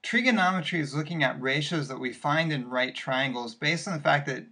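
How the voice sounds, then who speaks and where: A man's voice: fairly high pitch, a little fast, pushed and bright. A male math teacher walking patiently through worked examples in a recorded lesson, step by step with occasional fillers.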